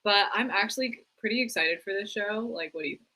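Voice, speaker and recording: A young woman co-hosting a live stream, chatting casually about theater news, full of "like" and quick laughs. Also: mid-range voice, sharp tone, poor audio. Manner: chatty, lots of "like", laughs easily. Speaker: co-host.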